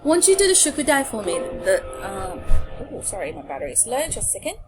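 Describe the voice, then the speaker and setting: A woman teaching a language lesson over slides, speaking clearly and patiently and pausing so learners can repeat after her. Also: medium pitch, huge pitch swings, music in the background.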